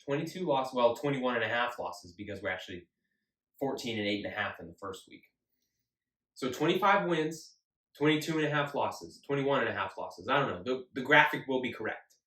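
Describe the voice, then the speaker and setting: A man's voice: medium pitch, a bit bright. A man hosting his own sports show, talking casually and emphatically and often repeating himself. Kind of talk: casual solo sports talk. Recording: echoey room, mic at a distance.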